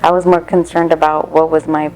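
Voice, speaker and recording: Middle-aged woman, documentary interviewee, low mellow voice, candid and reflective. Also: flat delivery, faint music behind. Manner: reflective, candid, halting with fillers. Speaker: interviewee, mother recalling teen pregnancy.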